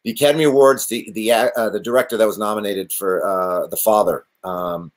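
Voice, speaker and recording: A man, an actor and guest, telling stories in a casual interview, animated and rambling with many restarts. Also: fairly low pitch, brisk.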